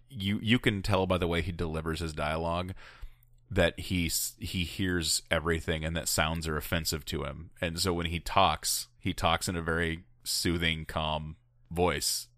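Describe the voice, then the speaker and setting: A man's voice: low-pitched, fairly even intonation, normal speed, a bit bright, no echo, studio quality. A man co-hosting a podcast in casual chat, making emphatic points and addressing listeners directly. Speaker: podcast co-host.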